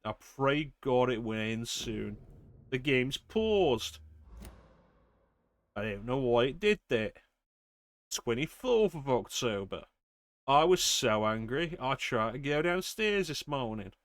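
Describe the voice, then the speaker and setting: A man's voice: mid-range voice, big pitch swings, slow, long pauses, no echo. Man streamer reading game notes aloud. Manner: reads steadily, then chats casually with fillers.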